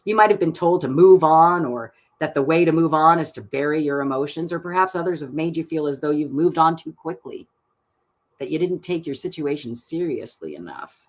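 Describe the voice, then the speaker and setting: A woman giving card readings on a live stream, reading out card texts in a soft, gentle manner and laughing often. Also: sits low, lively intonation, brisk. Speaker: tarot card reader.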